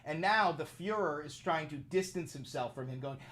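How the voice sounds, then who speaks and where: A man's voice: fairly high pitch, expressive, moderate pace, a bit bright. A man livestreaming, ranting in a profane, mocking and taunting way. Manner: taunting, provocative.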